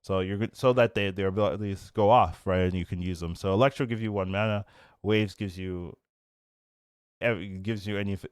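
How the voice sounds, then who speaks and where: A man's voice: low voice, no room sound, clean studio sound. A young man and content creator, casually talking through card game decks with fillers and restarts, getting livelier as he goes. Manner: chatty, many fillers and restarts, gets louder and livelier when animated.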